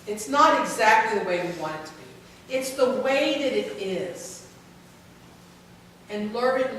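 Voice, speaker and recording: At a caregiver symposium, a woman with a voice on the high side delivers a candid, self-deprecating talk, joking with the room. She sounds distant in the very echoey large conference hall, with a little hiss or hum in the recording.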